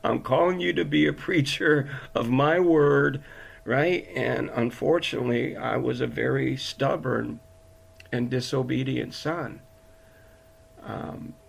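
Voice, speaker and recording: Gravelly, slow-talking male preacher. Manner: impassioned testimony, builds to high intensity. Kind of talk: sermon.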